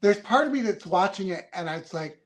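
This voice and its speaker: High-voiced man in his fifties, rambling. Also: animated, normal speed. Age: 50s. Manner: rambling, heartfelt storytelling with many fillers. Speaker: reality show contestant guest. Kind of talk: casual podcast interview.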